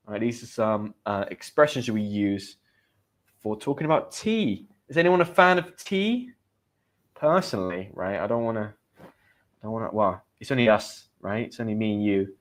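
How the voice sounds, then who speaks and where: A man's voice: on the low side, animated, moderate pace. A man with a British accent teaching English in a live stream. He chats casually with viewers, greeting them and reading their comments aloud. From Great Britain.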